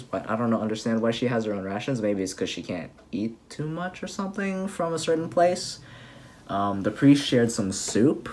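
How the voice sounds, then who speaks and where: A young man casually recapping an anime episode, rambling and excitable with lots of fillers and restarts. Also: lowish voice. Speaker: anime reviewer.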